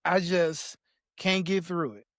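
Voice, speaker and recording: A man as a podcast guest, talking in a soft, halting way with small laughs as he reflects on personal memories. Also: high-pitched, dry recording, clean studio sound.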